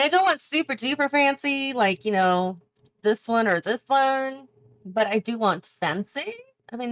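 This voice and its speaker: A woman's voice: mid-range voice, a bit bright, no echo. A woman hosting a gaming channel, chatting and thinking aloud as she builds, often correcting herself. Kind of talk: casual build commentary while playing.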